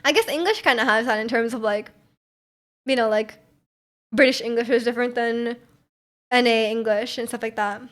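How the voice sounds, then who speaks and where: Young woman streamer, casual rambly chat full of "like", voice a touch high. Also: normal speed, long pauses. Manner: rambling, heavy use of "like", frequent laughs.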